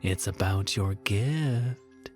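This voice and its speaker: A man voicing a starving, sly fake Santa's helper in a horror story, speaking hushed and wheedling. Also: on the low side, animated, measured pace, faint music behind. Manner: hushed, wheedling, sometimes sing-song.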